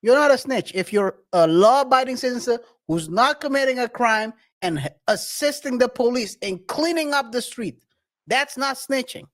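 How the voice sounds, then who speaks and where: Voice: medium pitch, lively intonation, moderate pace, a bit bright. A podcast co-host in casual commentary chat, speaking emphatically and repeating points for stress.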